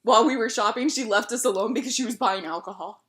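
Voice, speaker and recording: A young woman streamer telling stories in casual chat, animated and laughing, swearing freely. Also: on the high side, fast talker, noisy background.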